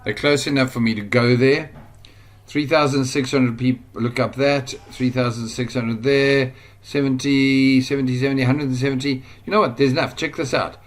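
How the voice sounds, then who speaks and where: A man with a South African accent talks through an online business lesson while sharing his screen. He thinks aloud and rambles, then gets suddenly excited. His voice sits at an ordinary middle pitch. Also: moderate pace. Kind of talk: casual screen-share tutorial.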